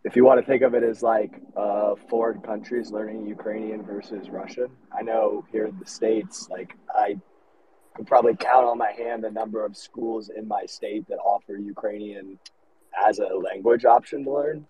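A man's voice: lowish voice, fairly even intonation, moderate pace, dark tone, slight background noise. A man in a casual online discussion, asking his question in a tentative way. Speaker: panel guest. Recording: muffled call with faint background ambience.

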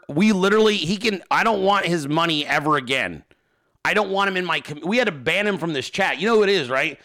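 Male streamer host, bright animated delivery, profane rants, casual reading of viewer mail. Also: high-pitched. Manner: profane, ranting; reads viewer emails and chat aloud. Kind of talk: casual livestream chat.

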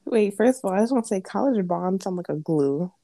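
A young woman co-hosting a podcast, chatting casually with playful quick asides. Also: medium pitch, animated, mellow, no echo. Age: young adult. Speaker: podcast co-host. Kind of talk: casual chat.

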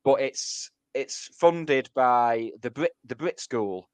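A man's voice: medium pitch, animated, slow, clean tone, no room sound. A man co-hosting a casual music podcast, rambling a little and explaining things for listeners. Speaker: podcast co-host.

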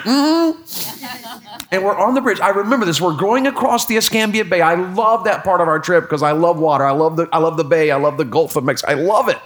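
Animated preacher man. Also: high-pitched, a little fast. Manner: animated storytelling, repeats words, voice jumps up when excited. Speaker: pastor. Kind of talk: sermon with personal story.

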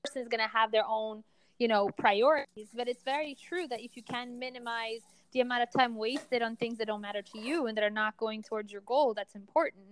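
A woman's voice: a little high, fairly even intonation, a little fast, clear, resonant tone, poor audio. A woman hosting a podcast interview, chatty and upbeat. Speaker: podcast host. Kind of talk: casual interview.

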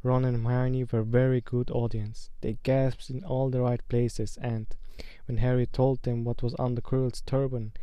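A man narrating a storybook aloud at a calm, steady pace. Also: mid-range voice, normal speed, few pauses, clean tone, no echo. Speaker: audiobook reader.

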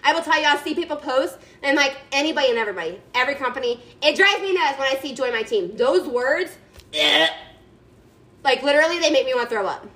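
High-pitched sassy lady hyping up her team on a video call, chatty and emphatic. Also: expressive, fast talker, bright, forceful tone, low-quality recording. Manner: sassy, chatty, emphatic, addresses listeners as y'all. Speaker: team leader speaking to her sales team. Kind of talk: motivational pep talk.

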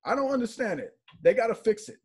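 A man co-hosting a sports podcast, breaking down a basketball game in emphatic, animated chat. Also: high-pitched, fast, slightly rough. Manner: animated, emphatic, repeats words for stress.

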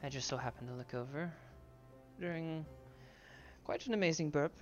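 A woman voicing a guarded, secretive man met in a tavern, speaking in a measured, deliberate way. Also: deep voice, muffled recording, soft background music, close to an everyday voice.

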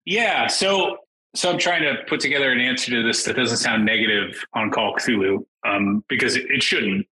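On a low-quality recording, a middle-aged man who designs games talks casually as a guest on a podcast. Animated, he voices quotes with sudden jumps into raised tones, keeping a medium pitch and moderate pace.

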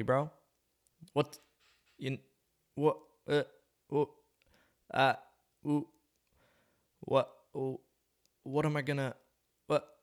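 A man's voice: mid-range voice, little pitch movement, very slow, long pauses. A young man rambling casually to the camera, musing in a slangy, laid-back way with plenty of swearing.

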